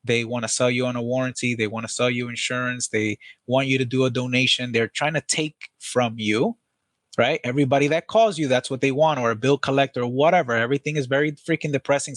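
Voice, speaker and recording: A man talking as a podcast guest about training salespeople, energetic and blunt, swearing casually in relaxed chat. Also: mid-range voice, no echo.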